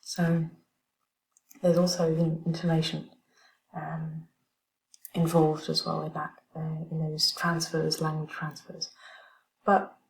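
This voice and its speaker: Lower-voiced woman lecturing. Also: monotone, takes it slowly, vocal fry, pauses often, a little hiss or hum, poor audio. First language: French. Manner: explanatory, teacherly. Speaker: language lecturer. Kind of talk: recorded video lecture.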